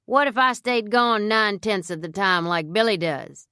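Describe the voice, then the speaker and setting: A woman's voice: medium pitch, normal speed, pushed and bright, clear, resonant tone, no room sound, studio quality, voice pushed up, lightly acted. A woman voicing a tall, lanky, amused frontier scout with a wry, drawling way of talking.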